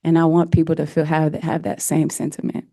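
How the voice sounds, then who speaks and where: A woman's voice: sits low, monotone, fairly quick, warm tone, no echo, clean studio sound. A woman head coach answering press questions earnestly and emotionally, with many fillers.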